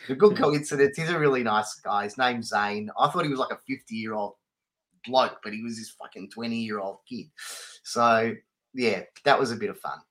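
A man's voice: mid-range voice, moderate pace, fairly bright tone. A man, a podcast co-host telling stories casually, laughing and swearing freely. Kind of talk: casual chat.

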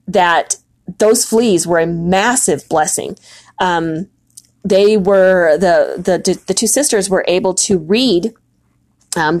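A woman's voice: mid-range voice, a little mellow. A middle-aged woman hosting a faith-based podcast, telling a story earnestly and reflectively, with frequent fillers and restarts. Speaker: podcast host.

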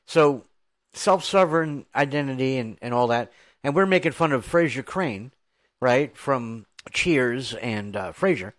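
An American podcast host tells stories enthusiastically in an animated, mid-range voice, dropping in plenty of quick asides during casual chat. His sound is dry and close, with no echo or room around it.

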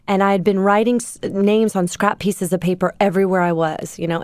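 A middle-aged woman telling her founder story in an interview, lively and anecdotal. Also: lowish voice, dry recording. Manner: lively anecdotal storytelling, quotes herself and others. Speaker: guest, company founder.

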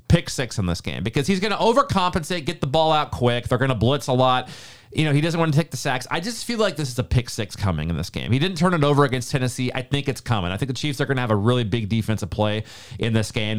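A man co-hosting a sports podcast, talking casually and confidently about football predictions. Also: mid-range voice. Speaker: podcast co-host.

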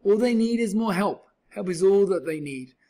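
A man's voice: high-pitched, animated, moderate pace, warm tone, voice pushed up. A man reading aloud and voicing a cheerful, boastful male cat in a tall hat, with a showy, exclaiming manner. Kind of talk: storybook read-aloud.

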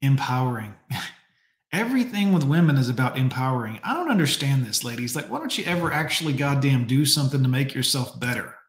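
A man's voice: mid-range voice, very animated, fairly quick. Sarcastic man with a roomy echo. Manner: sarcastic, mocking, talks to chat. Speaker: streamer reacting to clips. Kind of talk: casual live-stream commentary.

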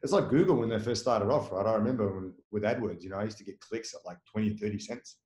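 A man's voice: fairly low pitch, quick pace, darkish tone, roomy sound, a little hiss or hum, rough recording. A man running a marketing agency, talking in a casual interview, rambling with fillers and restarts and tagging his points with "right?". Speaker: marketing agency owner, guest.

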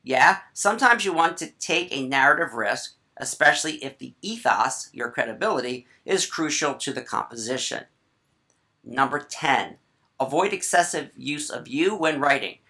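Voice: mid-range voice, expressive, normal speed, gravelly, sharp tone. A writing teacher giving a casual grammar lesson, chatty and full of asides, often checking in with "right?".

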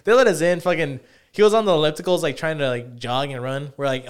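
A man's voice: on the high side, quick pace, smooth. Give me a young man co-hosting a podcast, swearing and acting out quotes as he tells a story. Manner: profane, animated, acts out quotes. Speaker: podcast co-host. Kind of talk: casual storytelling chat.

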